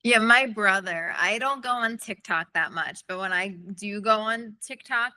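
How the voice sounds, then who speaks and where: A woman's voice: medium pitch, measured pace, bright, forceful tone, no room sound. A woman actress chatting casually in an interview, laughing often and acting out her own thoughts.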